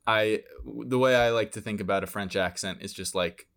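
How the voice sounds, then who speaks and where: Guy with a lowish voice cohosting a chill podcast, lots of ums and little laughs. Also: a little fast, fairly bright tone, smooth. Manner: laughs easily, hesitant with ums and restarts. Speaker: podcast co-host. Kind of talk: casual podcast chat.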